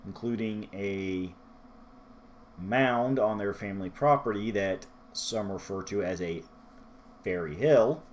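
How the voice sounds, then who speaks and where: Guy doing a chill book review vlog, kinda low voice, rambly and jokes at himself. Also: takes it slowly, slight background noise. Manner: rambling, self-deprecating, loses his place in his notes.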